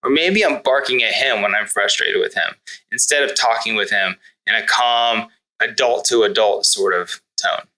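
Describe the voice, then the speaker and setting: Bright-voiced earnest man coaching dads. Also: lowish voice, moderate pace, poor audio. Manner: earnest and reflective, with self-corrections. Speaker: parenting coach, podcast guest. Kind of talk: conversational podcast interview.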